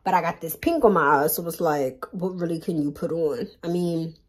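A young woman vlogging in casual, slangy chat, talking into her phone, nervous and excited. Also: on the low side, normal speed, slightly rough. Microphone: phone held by hand. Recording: music playing behind.

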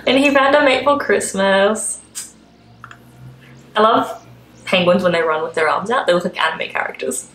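A woman's voice: mid-range voice, animated, moderate pace, long pauses, fairly bright tone, echoey room, a little hiss or hum, rough recording. A woman with an Australian accent, a vlogger chatting and gushing as she reacts to adverts. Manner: chatty and gushing, full of "like" fillers. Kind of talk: casual reaction commentary.

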